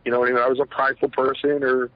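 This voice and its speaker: Husky former wrestler, rambling storyteller. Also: male voice, mid-range voice, flat delivery, racing. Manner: rambling, many fillers, acts out quotes. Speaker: retired pro wrestler, interview guest. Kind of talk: shoot interview storytelling. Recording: dull lo-fi sound, dry.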